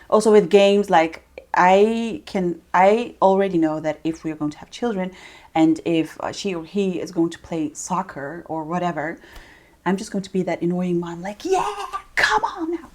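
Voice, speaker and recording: Chatty, animated young woman vlogger. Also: lowish voice. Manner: chatty and animated, with playful asides. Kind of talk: casual talk to camera.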